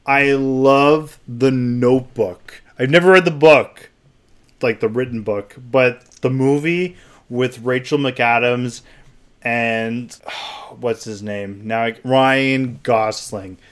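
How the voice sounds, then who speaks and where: A young man hosting his own podcast, talking casually and confessionally, rambling with sudden animated bursts. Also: medium pitch, slow. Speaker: podcast host. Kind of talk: casual solo podcast monologue.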